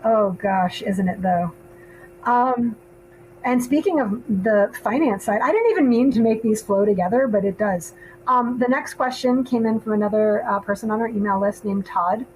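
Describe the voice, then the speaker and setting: A woman's voice: a little high, normal speed, a little mellow, poor audio. Chatty filmmaker lady on a podcast panel, ums a lot, slight hiss behind. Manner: chatty, laughs often, many ums. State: hiccups. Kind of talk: casual panel chat.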